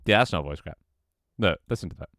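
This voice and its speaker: A man's voice: deep voice, animated, fast, vocal fry, fairly bright tone, dry recording, clean studio sound. A man streaming a game and chatting casually, rambling, swearing freely and reacting to his chat. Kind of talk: casual gameplay livestream commentary.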